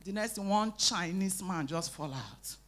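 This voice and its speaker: With a lowish voice and a slightly slow pace, a woman with a Nigerian Pidgin accent delivers live stand-up on an event stage. Her stories are animated, punctuated by shouted, acted lines and jabs at the crowd.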